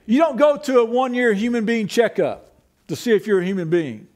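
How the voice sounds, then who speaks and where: Pastor, male, very high voice, relaxed conversational preaching with rhetorical questions. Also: fairly quick. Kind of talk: sermon.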